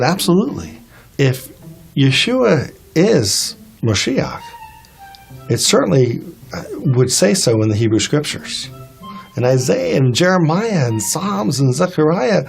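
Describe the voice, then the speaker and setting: A man's voice: on the high side, creaky. A man telling his personal faith testimony in an earnest storytelling way, acting out the dialogue he quotes. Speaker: testimony speaker.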